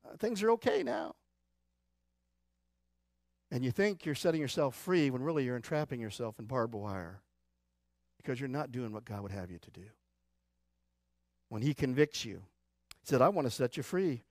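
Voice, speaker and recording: A Midwestern American pastor with a fairly high man's voice preaches to his congregation, surging into loud urgent pleas and then dropping to quiet, low asides. His voice is picked up close and dry, with little room sound. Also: lively intonation, normal speed, no echo. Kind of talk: sermon. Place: church sanctuary.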